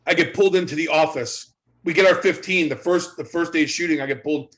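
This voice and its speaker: A middle-aged man, a guest in an interview, telling a story in a casual, animated way, often repeating his words as he goes. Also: on the high side, fast talker. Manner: animated retelling, acts out quoted voices, repeats words. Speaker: interview guest, former wrestling trainer.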